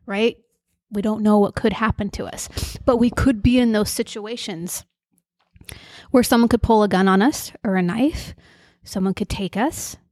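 A middle-aged woman host telling personal stories in an earnest, confiding way, with soft fillers between thoughts. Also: mid-range voice, no echo, studio quality. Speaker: podcast host and emotional coach. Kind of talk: personal storytelling monologue.

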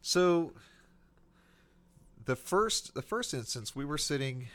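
A man's voice: a little high, takes it slowly. Male officer guest, conversational storyteller, easy laughs. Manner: animated, laughs while telling stories. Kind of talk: casual storytelling.

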